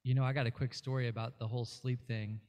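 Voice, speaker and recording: A man with a warm, mellow voice at an ordinary pitch, chatting as a guest musician. He tells long, winding stories and fills them with fillers and restarts as he goes. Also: flat delivery, fast. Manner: rambling storyteller, many fillers and restarts. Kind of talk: casual interview chat.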